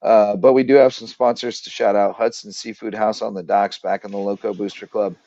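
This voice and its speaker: A man's voice: fairly low pitch, fairly even intonation, fairly quick, dark tone, no echo, lo-fi sound. A man hosting a casual sports podcast, telling stories and reading sponsor plugs in a chatty, joking way. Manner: chatty storyteller, jokey, reels off sponsor plugs. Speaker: podcast host.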